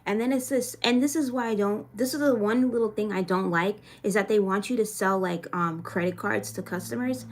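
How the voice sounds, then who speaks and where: A woman's voice: mid-range voice, fairly quick, hardly any pauses. Frank, cursing young woman livestreamer. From Florida. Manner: frank and profane, venting, reads comments aloud. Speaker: livestreamer answering chat. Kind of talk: casual live-stream chat.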